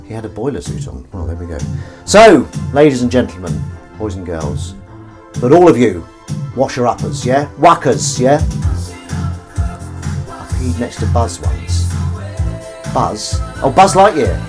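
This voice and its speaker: A man's voice: mid-range voice, big pitch swings, unhurried, pauses often, soft background music. A man hosting a live stream, chatting casually and jokingly with viewers in a rambling, self-deprecating way. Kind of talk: casual chat reading viewer comments.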